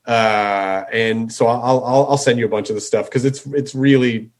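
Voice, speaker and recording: A man's voice: mid-range voice, steady tone, moderate pace. A man hosting a podcast in casual chat, rambling with lots of "you know" and "like". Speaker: podcast host.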